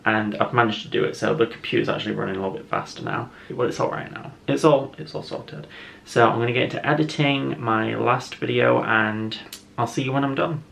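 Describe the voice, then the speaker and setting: A man vlogging from a room at home, talking casually and loosely to the camera. His voice has a gravelly, fried edge, with a faint hiss of noise under it. He wanders through his thoughts and keeps correcting himself mid-sentence. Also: mid-range voice, brisk. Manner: rambling, relaxed, self-correcting.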